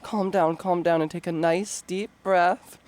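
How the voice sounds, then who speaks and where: A man's voice: high-pitched, fairly even intonation, unhurried, a little mellow, voice pushed up. A man voicing a giddy young girl swooning over a boy's scent, reading it as a comic meme in a breathless, over-the-top way.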